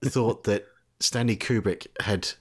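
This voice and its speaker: A man's voice: on the low side, measured pace, slightly rough. A man hosting a casual chat, who laughs easily and steers the talk back on track. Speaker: host.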